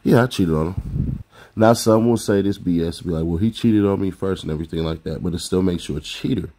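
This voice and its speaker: A man's voice: sits low, fairly even intonation, fast, mellow. A man hosting a commentary rant, blunt and profane, lecturing viewers with rhetorical questions. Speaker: commentary host.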